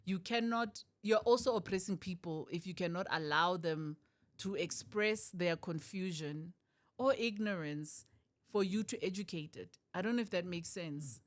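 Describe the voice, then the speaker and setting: Animated South African woman comedian. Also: on the low side, moderate pace. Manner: animated, laughs often, switches voices for quotes. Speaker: comedian guest. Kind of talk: podcast interview.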